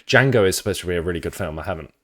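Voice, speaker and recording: Brief: deep-voiced Midlands English man, rambling, sweary live-stream reaction chatter. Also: expressive, racing, a bit bright. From England, Midlands. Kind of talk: casual live reaction chat.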